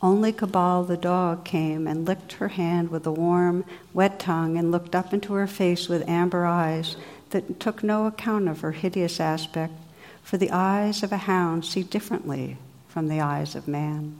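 Calm woman narrating a storybook tale. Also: on the low side, measured pace.

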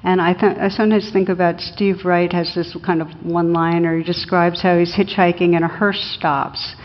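A woman's voice: fairly low pitch, little pitch movement, moderate pace. A woman meditation teacher giving a class talk, reflective, with light humor and small hesitations. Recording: lo-fi recording in a reverberant hall.

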